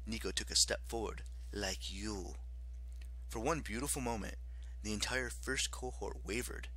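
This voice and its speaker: A man narrating an audiobook in an expressive, dramatic way. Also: medium pitch, fairly quick, slightly rough.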